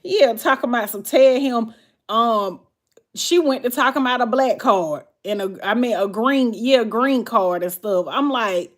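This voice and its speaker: A woman's voice: a little high, animated, measured pace. A woman with a Southern US accent, chatting casually on a livestream and answering viewers' comments. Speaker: livestream host.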